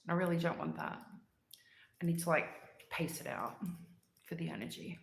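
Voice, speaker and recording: A woman's voice: lowish voice, moderate pace, reverberant. A congested woman hosting a casual livestream, chatting with viewers and gushing about sweets with lots of "like" fillers. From Australia. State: congested, clearing throat often. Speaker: livestream host. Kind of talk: casual chat with live chat viewers.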